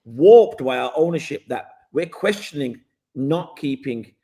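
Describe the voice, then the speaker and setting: A guest pundit on a football chat show argues his case in a casual debate, persistently cutting in to hold his ground and press his point. His voice is mid-range and mellow, animated but measured in pace.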